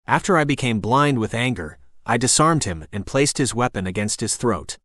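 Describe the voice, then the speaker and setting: A man reads a first-person novel aloud as an audiobook narrator, keeping a steady, even storytelling delivery. His voice sits at a middle pitch and is recorded close and dry, with no room sound around it. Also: normal speed, no room sound.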